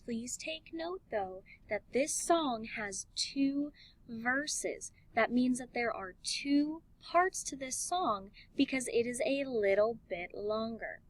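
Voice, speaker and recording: A woman music teacher giving an elementary music lesson, talking slowly and clearly and encouraging the class. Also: a little high, animated, low-quality recording. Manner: slow, clear, encouraging teacher talk with sung and chanted examples.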